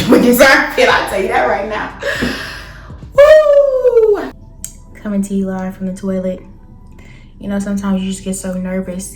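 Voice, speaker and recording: A young woman with a medium-pitched voice chats casually in a vlog, recorded on a phone camera in an echoey room. Shaky and sweaty, she is nervous, joking and dramatic, counting down and letting out loud yelps.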